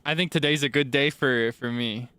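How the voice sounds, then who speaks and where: A man's voice: mid-range voice, moderate pace, sharp tone, smooth, no echo. A man streaming live, chatting playfully with his viewers, teasing them and sharing bits of trivia. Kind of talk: casual livestream chat with viewers.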